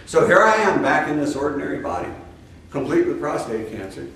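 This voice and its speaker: A man's voice: a little high, sing-song, fairly quick, gravelly, a bit bright. An older man giving a folksy, conversational sermon as a spiritual teacher, full of asides and rhetorical questions. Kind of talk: spoken sermon. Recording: roomy echo, speaker far from the mic.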